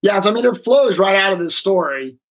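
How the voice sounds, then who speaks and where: A man with a husky, slightly high voice, speaking as a guest in an interview. He tells a story with energy and slips into the voices of the people in it. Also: a little fast, poor audio. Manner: animated storyteller acting out quoted voices. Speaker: guest, negotiation expert. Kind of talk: storytelling in a conversation.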